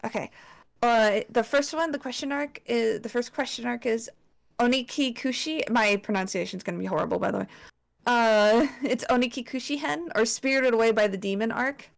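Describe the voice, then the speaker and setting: Her voice is on the high side and gravelly, moving at a normal speed, as this young woman chats her friends through a slideshow. She curses a lot and peppers everything with likes and ums.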